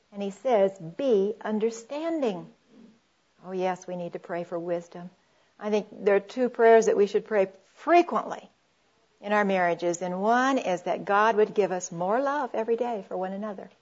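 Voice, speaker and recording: A middle-aged woman giving a sermon-style talk on Christian marriage, earnest and warm, calling her audience friends and quoting scripture. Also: a little high, lo-fi sound.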